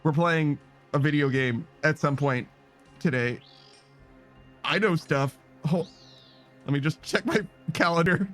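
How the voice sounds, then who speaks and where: Male game streamer, higher-pitched, casual and rambling, cursing and laughing, faint music under. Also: a little slow, long pauses, a bit bright. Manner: rambling, swears often, laughs a lot, reads chat aloud. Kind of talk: casual livestream chat.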